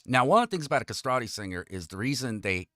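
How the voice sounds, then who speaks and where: Chatty man on a casual talk show, dry close sound, bright and lively. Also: mid-range voice, fast, dry recording. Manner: lively, chatty, lots of "you know" and "um". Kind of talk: casual podcast chat.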